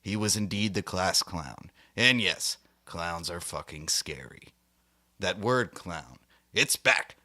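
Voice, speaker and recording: A man hosting a satirical monologue, speaking with a mock-serious, grandiose air and slipping into theatrical asides. His voice sits low, yet the tone is bright and forceful. The sound is dry and close, with no room around it. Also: no room sound. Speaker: host.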